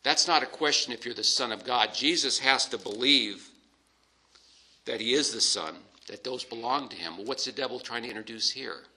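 Bright-voiced male preacher, measured and emphatic. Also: mid-range voice, husky, rough recording. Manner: measured, emphatic teaching with pauses. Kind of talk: sermon.

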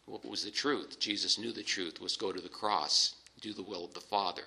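A man preaching a sermon, teaching scripture in a measured, emphatic way with pauses. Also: on the low side, vocal fry, bright, forceful tone, slightly rough, poor audio.

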